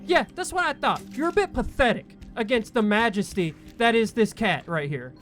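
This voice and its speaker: High-voiced jumpy gamer man. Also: lively intonation, normal speed, soft background music. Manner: jumpy, swears and yelps at scares. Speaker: let's play gamer. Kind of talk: live gameplay commentary. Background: loud game soundtrack.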